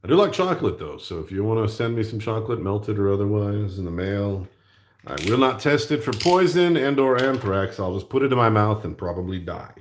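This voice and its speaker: A man's voice: lowish voice, sing-song, fairly quick, a little hiss or hum. A man hosting his own channel, chatting casually and jokingly while he draws. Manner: rambling, jokey, self-mocking. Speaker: channel host. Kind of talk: casual chat while drawing.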